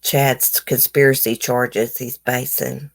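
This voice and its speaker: A low-pitched woman with a drawl talks on a home livestream, reading news items and breaking off into blunt, opinionated asides to her viewers. She speaks casually, with a swollen face from a toothache. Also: level tone, takes it slowly, gravelly. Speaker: livestream host.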